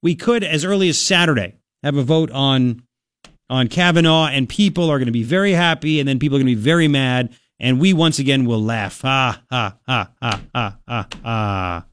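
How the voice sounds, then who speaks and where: A man in his forties hosting a talk radio show, joking with his co-host and telling animated stories between political commentary. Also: on the high side, fairly quick. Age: 40s. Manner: joking, teasing, animated storytelling. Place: radio studio. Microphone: studio mic.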